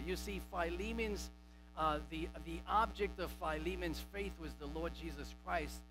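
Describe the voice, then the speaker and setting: A man's voice: a little high, rough recording. Emphatic male pastor preaching over music. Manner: emphatic, repeats key words, stresses single words. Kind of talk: sermon. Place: church sanctuary.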